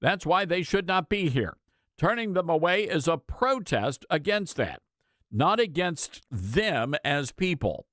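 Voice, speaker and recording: Animated, sarcastic radio talk host man. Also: fairly high pitch, unhurried, no echo, clean studio sound. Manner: sarcastic, mocking asides, reads quotes aloud. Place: radio studio. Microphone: studio microphone.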